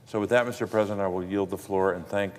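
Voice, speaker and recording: A man with a lowish voice delivers a formal floor tribute at a measured pace. His voice carries through the long reverb of a large chamber. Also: steady tone, a little hiss or hum. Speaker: senator.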